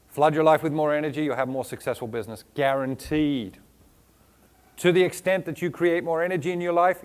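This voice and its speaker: On stage before a live audience, a man with a foreign accent delivers a motivational keynote in a high-ish, darkish voice. He fires off rhetorical questions and word lists and teases the crowd playfully.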